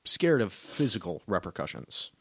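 A man's voice: low-pitched, very animated, normal speed, creaky, a bit bright, slightly rough, no echo. A man co-hosting a casual podcast, joking around with puns and laughing often. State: yawning, tired. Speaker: podcast co-host.

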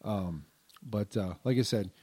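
A middle-aged podcast co-host with a stuffed-up nose speaks at a measured pace in a lowish, mellow, slightly rough voice. He rambles casually, with frequent ums and restarts.

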